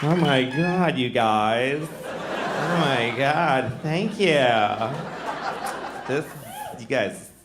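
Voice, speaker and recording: A man's voice: medium pitch, drawn-out words, heavy background noise. A man in his forties from Boston doing a rambling, self-mocking, crude stand-up set on a comedy club stage. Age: 40s. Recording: echoey club with loud crowd.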